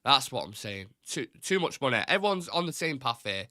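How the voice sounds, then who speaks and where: A young man with a bright, forceful voice rants bluntly through a casual live-stream chat, indignant and quick to swear. His nose is a little stuffed up, giving a faint nasal edge. The sound is dry and close. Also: mid-range voice, sing-song, dry recording. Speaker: host of a fan livestream.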